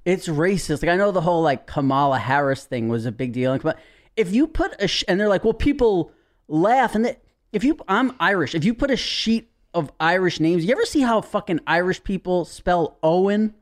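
A man's voice: high-pitched, animated, a little fast. A man chatting as a podcast guest, ranting and mocking with plenty of swearing. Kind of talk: casual chat.

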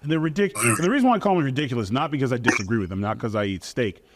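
A man's voice: mid-range voice, lively intonation, background noise. A man giving his views in a casual discussion, restarting his sentences often. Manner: halting, restarts mid-sentence. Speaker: guest commentator.

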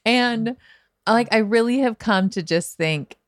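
A woman's voice: on the high side, takes it slowly, no room sound, studio quality. A woman guest on a podcast, talking casually and acting out her own worries with laughter. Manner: animated, laughing, acts out her own panic. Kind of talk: casual chat.

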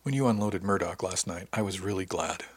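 A man reading a story, voicing a troubled woman who leads a ship crew and speaks softly, often in a whisper. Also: deep voice, brisk, breathy edge. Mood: remorseful.

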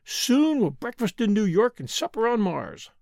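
A piping old grandmother in an audiobook, voiced by a man, bright with excitement and quick to take offense. Her voice sits high and jumps about, with a gravelly edge underneath. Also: dry recording, studio quality, full character voice. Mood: eager, indignant. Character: elderly mother-in-law, eager and shrill.

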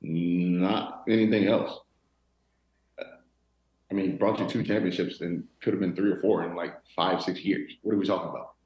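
A man in his thirties, a former football player from Florida, telling stories in a relaxed interview with many restarts. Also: deep voice, moderate pace, reverberant, rough recording. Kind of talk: casual interview talk.

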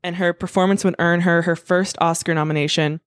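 A woman's voice: on the low side, steady tone, fairly quick, dry recording, clean studio sound. A woman hosting a podcast, telling a story in a chatty way, full of fillers and swearing freely. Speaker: podcast host. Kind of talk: casual storytelling.

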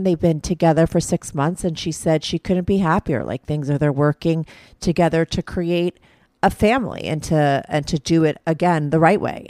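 A woman's voice: lowish voice, no room sound, studio quality. A woman hosting a podcast in casual chat, frank and filler-heavy, swearing freely. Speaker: podcast host.

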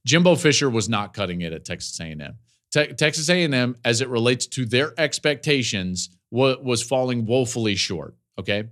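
A college football analyst in his forties talks through the week's news. His mid-range voice swings widely in pitch, and he keeps slipping into laughing asides and quick stories as he goes. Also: lively intonation, a bit bright. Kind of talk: podcast commentary.

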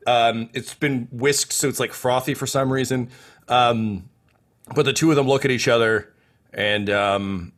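A man's voice: mid-range voice, steady tone, measured pace, fairly bright tone. A man narrating as game master of a tabletop role-playing game, rambling with many fillers.

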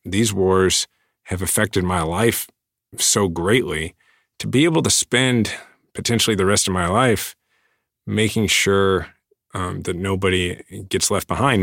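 A man in his thirties, a guest in a casual interview, speaking earnestly with many halting restarts. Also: deep voice, a bit bright, no echo, studio quality.

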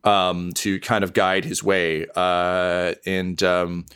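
A man's voice: low voice, level tone, takes it slowly, a bit bright, clear, resonant tone. A man as game master, improvising narration with many fillers and restarts. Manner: rambling, many fillers, chuckling.

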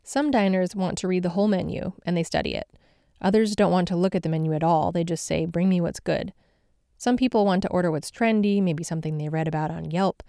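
Brief: female podcast host, mellow and warm tone, polished scripted narration, dry booth sound. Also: on the low side, a little fast, creaky, smooth, no room sound.

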